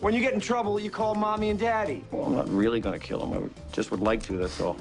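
A man's voice: high voice, fairly even intonation, quick pace, gravelly, soft background music. An actor playing a witty, hard-drinking older male ad executive, delivering dry sardonic one-liners. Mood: wry.

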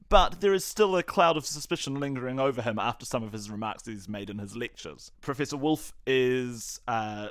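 Measured man, dry close mic. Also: mid-range voice, a bit bright, no room sound. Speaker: player and game designer. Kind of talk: casual tabletop chat.

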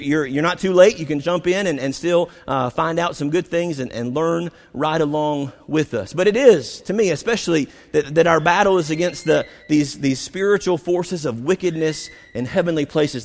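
A man preaching with a fairly high voice, leaning hard on key words and stretching them out slowly. His voice rings with a long reverb, like a large sanctuary. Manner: emphatic preaching with repetitions and dramatic slowdowns. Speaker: pastor. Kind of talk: sermon.

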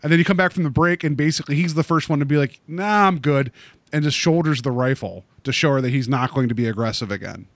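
A man's voice: medium pitch, steady tone, fast talker, hardly any pauses, dry recording. A man co-hosting a podcast, recapping a TV episode in casual chat, rambling with many fillers and restarts. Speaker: podcast co-host.

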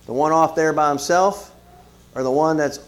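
A stern father of few words speaks slowly and firmly, with his voice dropped low, as a preacher acts him out. He lectures his son without any softness. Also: close to an everyday voice. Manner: slow, firm and few-worded.

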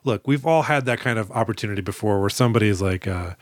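A man's voice: lowish voice, fast talker, no room sound, studio quality. A man co-hosting a podcast, casually retelling film scenes with jokes, playful voices and frequent swearing. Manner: joking storyteller, acts out scenes, swears freely. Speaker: podcast co-host. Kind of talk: casual movie-recap chat.

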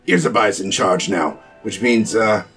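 A man's voice: lowish voice, expressive, a little slow, music in the background. A man voicing a treacherous male goblin who taunts in a sly manner. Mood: taunting.

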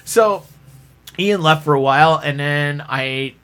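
A man's voice: a little high, takes it slowly, fairly bright tone, clear, resonant tone, faint music behind. A man hosting a podcast, telling its history in a rambling, self-deprecating way with frequent restarts. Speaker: podcast host. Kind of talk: casual podcast chat.

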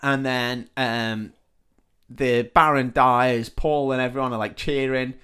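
A man's voice: mid-range voice, steady tone, takes it slowly, a bit bright, clear, resonant tone. A man co-hosting a comedy podcast, casually retelling a film plot with swearing and short acted-out quotes. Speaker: podcast co-host.

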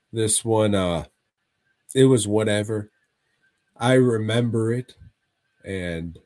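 A man's voice: lowish voice, darkish tone. A man co-hosting a casual podcast, rambling with heavy swearing and frequent laughs. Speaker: podcast co-host.

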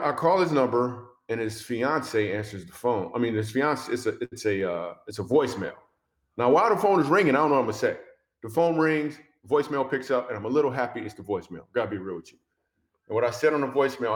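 A man's voice: medium pitch, quick pace. Comedian guy telling a story, acts out the dialogue, talks about god, kinda echoey room. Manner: animated storyteller who acts out quoted dialogue; speaks of faith and following God's voice. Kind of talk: personal storytelling in a conversation.

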